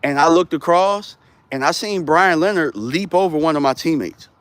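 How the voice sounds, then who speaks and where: A man in his thirties giving casual, rambling football opinions on a live stream. His voice sits somewhat high and sounds dry and close, with no room echo. He talks in an animated, slangy way. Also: normal speed. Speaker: sports streamer.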